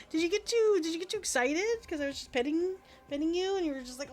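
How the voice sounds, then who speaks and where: A woman streaming a card game, chatting casually with viewers, excitable and laughing often. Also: very high-pitched, fast, hardly any pauses. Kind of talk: casual chat while gaming. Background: game music.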